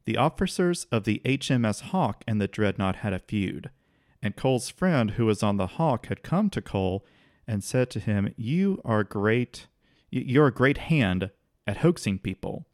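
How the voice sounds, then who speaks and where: A man's voice: on the low side, moderate pace, no room sound, clean studio sound. A man co-hosting a podcast, casually telling a history story with easy restarts and the odd laugh. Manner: relaxed, occasional restarts, laughs while telling.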